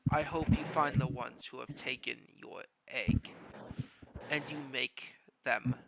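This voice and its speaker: A man voicing a huge, protective mother dragon who talks in a slow, low, quiet and threatening way. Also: gravelly, very noisy. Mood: menacing.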